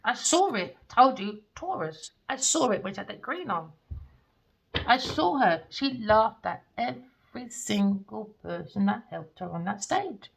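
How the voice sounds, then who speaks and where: A woman's voice: medium pitch, sing-song, a little slow, gravelly, husky. A woman giving a profane, scornful rant as a tarot reader. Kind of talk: ranting monologue. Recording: dull lo-fi recording.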